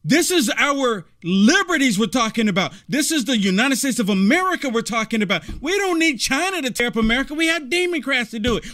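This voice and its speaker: A man's voice: very high-pitched, pushed and bright. A man hosting a political commentary show, reacting to clips in a rambling, repetitive, indignant rant.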